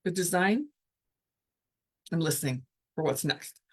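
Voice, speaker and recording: A woman casually teaching, speaking reflectively and guiding the listener through slow breathing, often trailing off mid-sentence. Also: fairly low pitch, animated, breathy edge. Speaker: spiritual coach.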